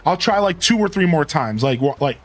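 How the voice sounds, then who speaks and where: A man's voice: a little high, lively intonation, brisk, faint music behind. A man streaming a video game in casual chat, rambling and repeating a single word as he tests something. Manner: chatty, trails off, repeats a word over and over.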